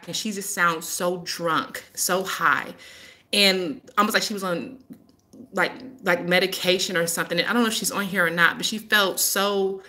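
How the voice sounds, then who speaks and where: A woman's voice: mid-range voice, bright, forceful tone. A woman hosting a live stream as a healer, talking casually and firmly repeating her warnings to viewers.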